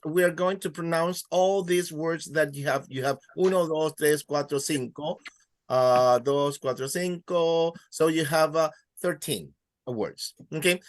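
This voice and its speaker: A man's voice: a little high, no room sound, studio quality. A man teaching a beginner Spanish class, counting students in and praising their answers. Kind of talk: classroom language lesson.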